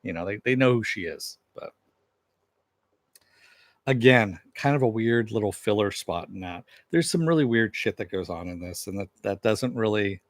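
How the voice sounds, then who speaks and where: Low-voiced man casually recapping a show. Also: animated, moderate pace, dry recording, studio quality. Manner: loose and conversational, with frequent "you know" and casual swearing. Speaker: TV episode reviewer. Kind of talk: casual spoken recap and review.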